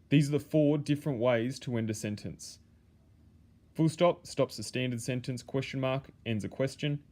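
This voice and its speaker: A man's voice: mid-range voice, darkish tone. A male teacher, explaining punctuation step by step and often restarting his phrases. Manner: talks students through steps, repeats and restarts phrases. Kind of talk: classroom explanation.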